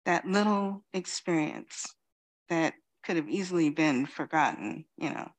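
Slow, low-voiced woman giving a dharma talk. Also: animated. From Queens, New York. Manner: reflective, halting, with pauses and "you know". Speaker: Zen teacher.

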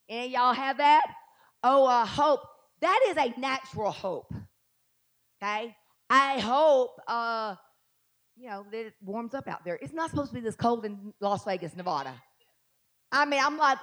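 A high-voiced middle-aged woman preaches. She drops to quiet, chatty asides, then climbs to loud, stretched-out emphasis. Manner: animated preaching, swinging from soft asides to loud drawn-out emphasis. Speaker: pastor. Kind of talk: sermon.

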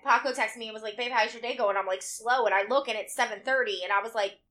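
Bright-voiced, animated woman. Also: on the high side, fast. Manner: animated storyteller, swears freely. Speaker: podcast co-host. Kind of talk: casual chat.

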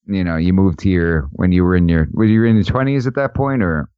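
A man's voice: low-pitched, no echo. Podcast host, man, jokey and laughing, dry slightly dull sound. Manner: joking, laughs often, halting restarts. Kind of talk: casual chat.

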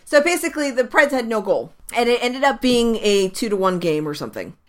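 A woman co-hosting a casual sports podcast, talking in an animated, gushing way with some swearing. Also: a little high, fairly quick. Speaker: podcast co-host.

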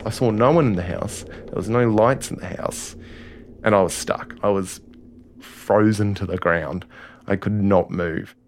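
A man with an Australian accent telling a first-person story in a halting way, often restarting his sentences. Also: fairly low pitch, a little hiss or hum. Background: music score.

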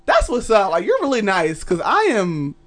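A woman's voice: medium pitch, huge pitch swings, moderate pace. A young adult woman, a podcast guest, telling a story in casual chat, laughing often and acting out the voices of people she quotes.

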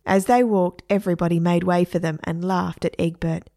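A woman reading a children's story aloud in a lively, playful way. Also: on the low side, normal speed, gravelly.

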